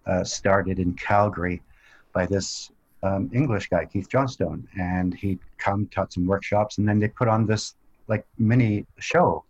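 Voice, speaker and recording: Man, podcast guest, low voice, relaxed rambling storyteller, dull lo-fi sound. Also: measured pace, breathy edge. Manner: relaxed storytelling with many fillers. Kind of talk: casual interview chat.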